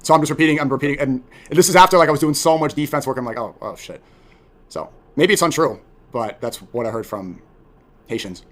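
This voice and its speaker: A man's voice: on the high side, fast talker. A young man in casual chat as a content creator, talking emphatically and animatedly, often repeating words. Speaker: podcast guest, content creator.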